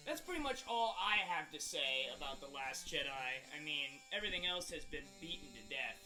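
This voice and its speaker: A man's voice: high voice, sharp tone, poor audio. A man playing an exaggerated angry version of himself in a comedic rant, exasperated and full of rhetorical questions. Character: hot-tempered young man, exaggerated angry self. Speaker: video creator.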